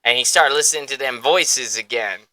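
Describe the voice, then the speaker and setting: Podcast host, male: excitable, swears freely and laughs a lot, with a very bright voice and a dry, close sound. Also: medium pitch, normal speed, no room sound, low-quality recording. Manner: excitable, profane, laughs often. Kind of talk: casual podcast chat.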